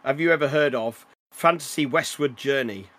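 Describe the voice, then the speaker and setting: A man's voice: medium pitch, moderate pace, a bit bright, dry recording. Male co-host, dry close sound, wry and matter-of-fact. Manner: wry, questioning, lays out facts plainly. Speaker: podcast co-host. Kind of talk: casual chat.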